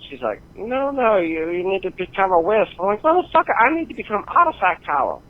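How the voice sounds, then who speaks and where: A man putting on a brash, exasperated, foul-mouthed gamer guy ranting over a tinny phone line. His voice runs high and swoops all over the place as he rambles. The sound is thin and narrow, like a voicemail. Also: big pitch swings, brisk. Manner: profane, rambling rant. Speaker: listener calling in.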